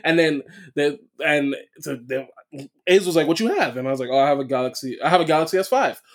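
A man's voice: a little high, fast talker. A man on a casual podcast rambling through a story and teasing his friends. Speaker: podcast co-host.

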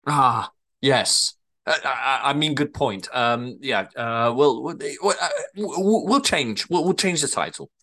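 A man's voice: medium pitch, animated, slow pace, sharp tone, full character voice. A man with a wavering English accent reading a flustered, stammering male hotel manager in a comedy table read. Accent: English, drifting northern and southern. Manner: stammering, apologetic.

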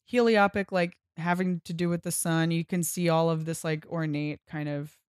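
A woman's voice: deep voice, steady tone, normal speed, a little mellow, clear, resonant tone, dry recording. Woman host chatting about a comic, swears a lot, dry close sound. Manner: swears freely, acts out characters' lines. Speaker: podcast co-host. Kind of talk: casual comic book discussion.

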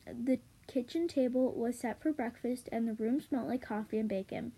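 A woman's voice: on the high side, normal speed, mellow, husky, poor audio. A woman reading a children's book aloud, hesitant, with stumbles and fillers. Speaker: reader.

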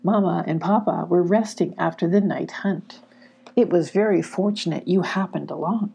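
A woman voicing a shy, frightened young female fox pup in a soft whisper for a storybook. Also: lowish voice, moderate pace, creaky, husky.

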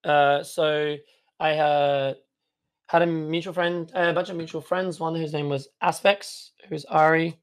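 Rich: A young man chatting as a guest, laid-back and full of fillers. His voice sits a little high for a man. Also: level tone, unhurried. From Australia. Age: young adult. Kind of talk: casual chat.

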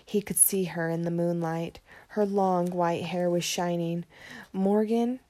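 Woman, teacher reading aloud, gentle, expressive, low-ish mellow voice. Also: a little slow. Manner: gentle, expressive, addresses listeners directly. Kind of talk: read-aloud storytelling.

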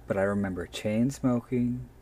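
A man's voice: medium pitch, normal speed, warm tone, slight background noise. A man, an author, telling a story in a candid, self-deprecating way and swearing freely. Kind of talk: casual anecdotal storytelling.

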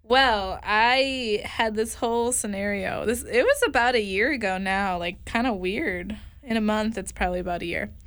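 A young woman co-hosting a podcast, teasing and bantering in a quick, playful way, full of fillers. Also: mid-range voice, a bit bright, smooth. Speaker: podcast co-host. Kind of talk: casual chat.

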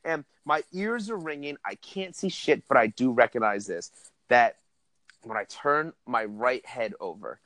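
A young man telling a wild story in casual chat, animated and profane, laughing as he goes. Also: mid-range voice, measured pace, no echo. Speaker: podcast host telling a story.

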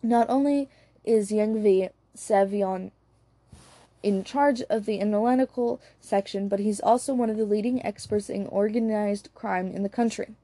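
Woman narrating an audiobook with a mellow tone. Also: medium pitch, fairly even intonation, normal speed, no echo. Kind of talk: scripted narration.

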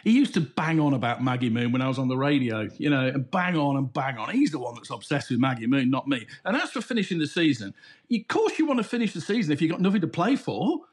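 A man co-hosting a casual podcast, delivering deadpan mock-informative jokes. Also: mid-range voice, quick pace. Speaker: podcast co-host. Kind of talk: casual banter.

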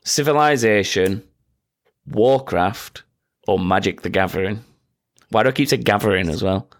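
A man's voice: lowish voice, normal speed. A man hosting a casual quiz with friends, reading out questions and making sarcastic, sweary asides. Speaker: quizmaster.

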